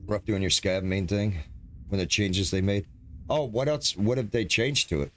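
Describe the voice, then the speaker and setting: A man from New York hosts a live game stream, trading easygoing, teasing banter with a guest. His voice sits on the lower side. A steady hiss of noise runs under the recording. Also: normal speed. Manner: laid-back, friendly, teasing banter.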